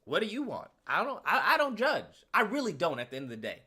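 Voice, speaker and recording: Slangy, animated male commentator. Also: high voice, fast, slightly rough. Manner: slangy, laughing, rhetorical questions. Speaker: YouTube commentator. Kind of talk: casual comedic commentary.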